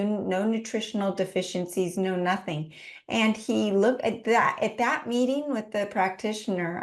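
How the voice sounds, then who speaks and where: A woman in her forties, a podcast guest, telling a personal story in an earnest, heartfelt way. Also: medium pitch. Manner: earnest, heartfelt, lists things in a steady run. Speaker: podcast guest, business owner.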